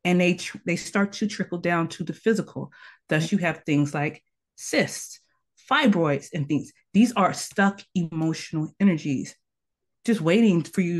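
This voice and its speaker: A woman's voice: lowish voice, measured pace. A woman teaching tantra as a guest in a conversational interview, earnest and instructive, laying out her advice as numbered tips.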